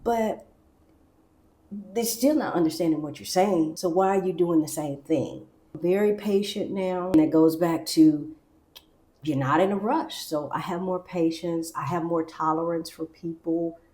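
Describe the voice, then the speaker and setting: A woman from the United States talking casually to camera in a chatty, animated way, acting out little quoted asides. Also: fairly low pitch, measured pace, roomy sound. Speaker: vlogger.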